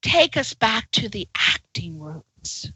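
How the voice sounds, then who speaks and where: A woman hosting a radio interview show, animated and gushing, teasing her guest and laughing often. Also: mid-range voice, takes it slowly, breathy edge, no room sound, poor audio.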